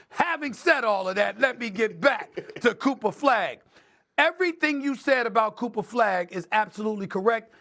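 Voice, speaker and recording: A man's voice: high voice, pushed and bright. A middle-aged man hosting a sports debate show, arguing emphatically and stacking points into lists for effect.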